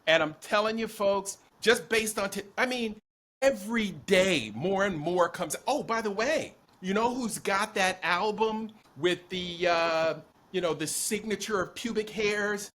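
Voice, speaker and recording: A man with a high, lively voice co-hosts a casual political chat. His tone is bright and forceful, and he drives each point home with emphatic insistence. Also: measured pace. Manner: animated, emphatic, predicting. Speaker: podcast co-host.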